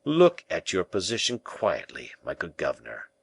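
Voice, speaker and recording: A man voicing a calm, self-possessed schemer in an audiobook, persuading and giving orders with smooth assurance. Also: low-pitched, moderate pace, dry recording, heavily acted. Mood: coolly persuasive. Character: cool, scheming male musketeer-bishop. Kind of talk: audiobook character reading.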